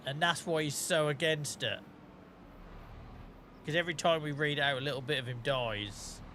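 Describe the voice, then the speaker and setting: A man's voice: on the high side, fairly even intonation, normal speed, bright, forceful tone, a little hiss or hum. A man giving casual, joking commentary while streaming a farming game, rambling and laughing often.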